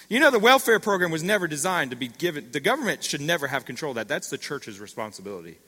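Man, middle-aged, pastor, sermon, bright forceful tone, calls out to the congregation, church hall with long echo. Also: a little high, fast, hardly any pauses, slightly rough. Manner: animated storytelling with call-outs to the congregation. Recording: long reverb of a large hall.

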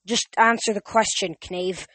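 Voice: mid-range voice, moderate pace, fairly bright tone, no room sound, lightly acted. Brief: a reader doing a sneering ghost servant, clipped and bossy, dry sound. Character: scornful ghost adviser, commanding and sneering. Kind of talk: amateur audiobook reading.

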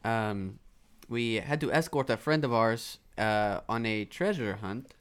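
A man's voice: on the low side, expressive, a little slow, clear, resonant tone. A man playing a tabletop game, rambling loosely through his story with fillers. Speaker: player. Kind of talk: casual tabletop game play.

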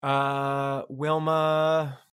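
A man co-hosting a casual comedy podcast, reacting with quick incredulous interjections. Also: mid-range voice, little pitch movement, fairly bright tone, smooth. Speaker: podcast co-host.

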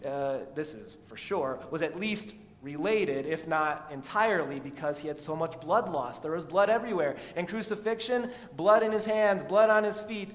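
Pastor preaching in an echoing hall. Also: male voice, moderate pace, few pauses. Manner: swings from loud emphatic preaching to quiet storytelling. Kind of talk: sermon. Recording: long hall reverb with faint rumble.

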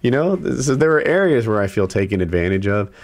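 Animated, rambling man telling a story. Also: fairly low pitch, fast. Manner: animated, rambling, profane storytelling with frequent restarts. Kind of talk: casual conversation.

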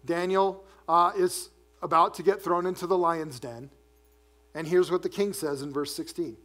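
A man preaching a sermon as pastor, animated, dropping low and soft to read scripture. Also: moderate pace, soft background music.

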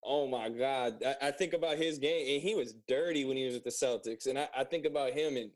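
A man's voice: medium pitch, fairly quick. A man hosting a casual chat, easygoing and asking his guest for stories. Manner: relaxed, laughs along, asks for stories.

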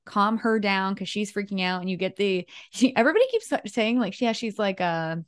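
A woman's voice: medium pitch, fairly quick, smooth. A woman co-hosting a podcast in casual chat, talking with frequent laughs and fillers. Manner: chatty, laughs often, many fillers. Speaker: podcast co-host.

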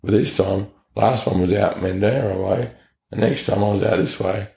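Australian man, low gravelly voice, warm dark tone, echoey room, blunt testimony. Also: steady tone, normal speed. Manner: blunt, earnest storytelling with slang. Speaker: interview guest. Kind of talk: personal testimony.

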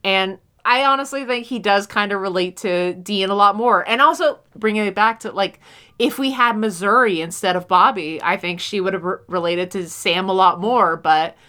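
Bright, animated woman recapping an episode. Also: mid-range voice, moderate pace. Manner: animated, acts out characters' lines, swears casually. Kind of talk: casual chat recapping a TV episode.

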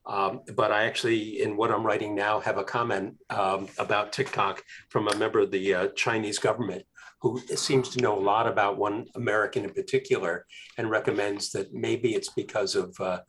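A man, a guest author, chatting casually on a call in a relaxed, halting way with many fillers. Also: on the low side, a little hiss or hum. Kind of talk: casual video-call chat.

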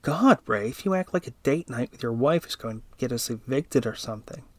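A man's voice: medium pitch, animated, a little fast, dry recording, natural voice. A man voicing a young wife who speaks lightly and breezily to her husband. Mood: defensive. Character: hopeful young wife planning a date.

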